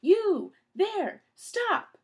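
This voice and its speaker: A stern, fussy storybook guardian who scolds firmly and breaks into loud, high shouted orders. The voice carries a gravelly grain, as a woman reads him aloud. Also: expressive, normal speed. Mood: shouting.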